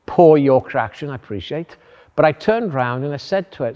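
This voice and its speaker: A man giving an earnest, measured sermon as a pastor, with thoughtful pauses. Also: on the high side, animated, darkish tone. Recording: echoey hall.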